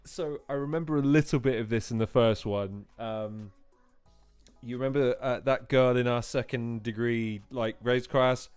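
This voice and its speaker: A man's voice: mid-range voice, darkish tone, smooth, dry recording, faint music behind. A man hosting a live watch-along, reacting with frequent laughter and swearing. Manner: laughs and swears often, quick to exclaim. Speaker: host.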